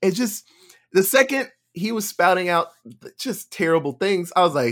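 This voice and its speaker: A man hosting a podcast in casual chat, lively and swearing, acting out characters. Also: sits high, normal speed. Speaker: podcast host.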